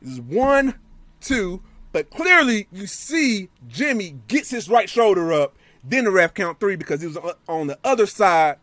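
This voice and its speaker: A man in a casual chat recapping a wrestling show, animated and laughing as he quotes people. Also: sits high, moderate pace, no room sound.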